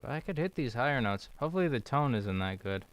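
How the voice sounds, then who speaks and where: A man's voice: medium pitch, big pitch swings, fast. A man talking casually to himself while he practices, feverish and out of breath, with self-deprecating asides. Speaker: musician practicing on camera.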